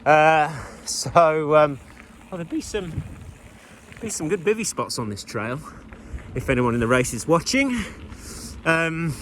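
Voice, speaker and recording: A man's voice: on the high side, a bit bright, slight background noise. A man, a bikepacking racer, giving a chatty, rambling spoken recap of his ride outdoors, with self-deprecating asides. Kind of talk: casual spoken recap while riding. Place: outdoors on a trail, riding a bike.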